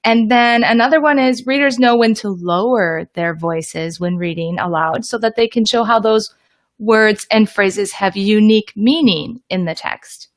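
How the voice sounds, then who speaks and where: A woman's voice: mid-range voice, measured pace. A woman explaining reading lessons to teachers in an upbeat, direct teaching talk. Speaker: teacher trainer.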